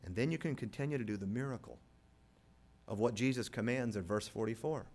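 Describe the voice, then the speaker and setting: A man preaching a sermon as pastor, moving from quiet storytelling to loud, rising appeals. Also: medium pitch, fairly quick.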